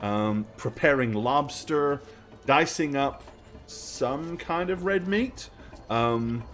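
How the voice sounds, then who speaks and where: Slow-talking male game master. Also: medium pitch, a bit bright, faint music behind. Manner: slow, descriptive narration with many fillers. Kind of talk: narrating a tabletop game.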